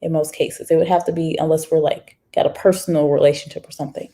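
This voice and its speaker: Chatty woman with a low, mellow voice. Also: fast talker. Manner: chatty, animated, talks straight to viewers. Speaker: livestream host reading viewer comments. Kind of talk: casual livestream chat.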